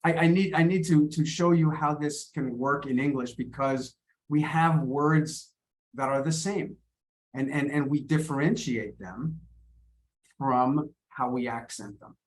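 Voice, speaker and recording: A man's voice: on the high side, a little slow. A man teaching an online pronunciation lesson over a video call, friendly and often repeating and restarting his words.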